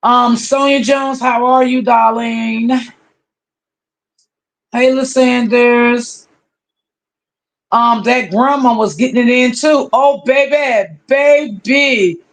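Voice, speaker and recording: Slow-paced and pausing often, a mid-range voice runs a casual livestream chat. The host greets each viewer by name, drawing the greeting out, and warmly calls everyone honey and baby.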